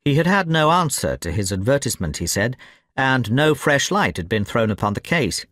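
Male storyteller, clear learner-friendly reading, varied intonation. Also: mid-range voice, sing-song, moderate pace, fairly bright tone, no echo, clean studio sound. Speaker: audiobook narrator. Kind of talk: scripted story narration.

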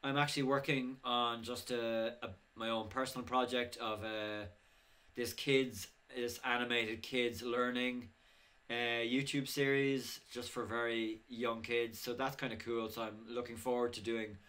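A man with a bright, forward voice chats casually on his filmmaking vlog. He wanders through rambling anecdotes, chuckling often and leaning on plenty of "uh"s and restarts. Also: mid-range voice, little pitch movement, a little slow. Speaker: indie filmmaker.

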